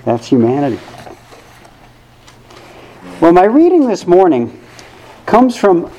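Wry, mellow-voiced man giving a sermon. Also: a little high, sing-song, slow, pauses often, poor audio. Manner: thoughtful, wry, conversational with asides. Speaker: worship service speaker. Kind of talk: sermon reading to a congregation. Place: church sanctuary with a congregation.

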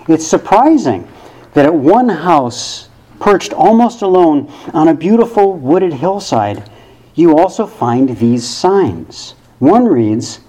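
A man's voice: high-pitched, big pitch swings, unhurried, mellow, rough recording. A man giving a conversational sermon to a church congregation, thoughtful and wry with casual asides. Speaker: worship service speaker.

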